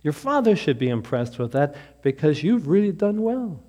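Pastor putting on a sly flattering devil, higher-pitched, coaxing. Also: male voice, normal speed. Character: smooth-talking male devil tempter.

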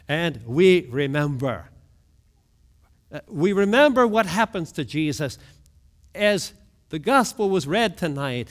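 A man preaching a sermon, moving between hushed low lines and sudden raised outbursts, often asking his listeners questions. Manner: asks the congregation questions. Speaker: pastor.

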